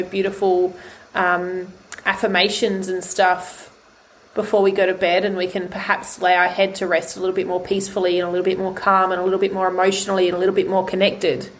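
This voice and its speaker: A woman's voice: lowish voice, a little hiss or hum. A woman hosting a podcast, giving a passionate, heartfelt motivational monologue full of emphatic swearing. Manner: heartfelt and vulnerable. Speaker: podcast host.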